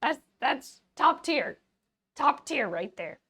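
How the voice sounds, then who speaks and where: A woman's voice: sits high, slow, heavily acted. A woman doing a hyper coffee-wired frog. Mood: giddy. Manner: silly, excitable, bouncy. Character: hyper over-caffeinated cartoon frog. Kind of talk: live-stream silly voice.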